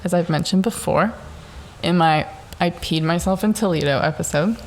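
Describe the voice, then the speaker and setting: A young adult woman hosting a casual solo podcast from her home in Southern California. She tells stories in a profane, animated way and laughs often. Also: lowish voice, normal speed. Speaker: podcast host.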